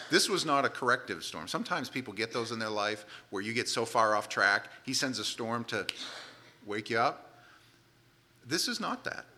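A man's voice: fairly low pitch, sharp tone. A man preaching a sermon, retelling a Bible story with dramatic quoted voices.

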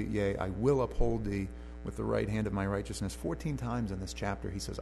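A man's voice: on the low side, a little fast, creaky, hardly any pauses, warm tone, a little hiss or hum. A man preaching a conversational sermon in a church, reading scripture aloud and then explaining it in plain talk.

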